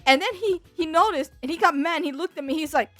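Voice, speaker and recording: A woman VTuber telling a casual storytime with animated, exaggerated delivery and acted-out quotes. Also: sits high, quick pace, no room sound, soft background music. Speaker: VTuber streamer.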